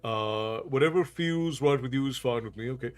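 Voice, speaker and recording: A man from Ireland with an unusual accent, a storytelling streamer, chats with viewers live and replies to their comments aloud. He speaks at normal speed in a mid-range voice over soft background music.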